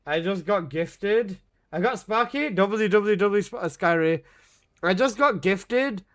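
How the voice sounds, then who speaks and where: A man's voice: sits high, takes it slowly, fairly bright tone. A young male streamer talks to his chat in a slightly raised voice, taking his time between bursts. He exclaims and swears freely, and laughter keeps slipping into his talk.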